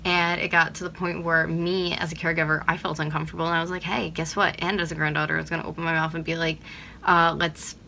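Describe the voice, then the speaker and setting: A woman's voice: low voice, flat delivery, fast, gravelly, sharp tone, a little hiss or hum. A young woman from Pennsylvania ranting to her viewers on a vlog, blunt and swearing freely, with lots of "like". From Pennsylvania, USA. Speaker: vlogger.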